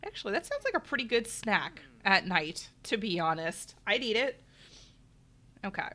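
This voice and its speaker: A woman's voice: medium pitch, very animated, moderate pace, pushed and bright. A middle-aged woman giving chatty let's play commentary, talking to her viewers and exclaiming at the game. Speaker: gaming channel host. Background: faint game music.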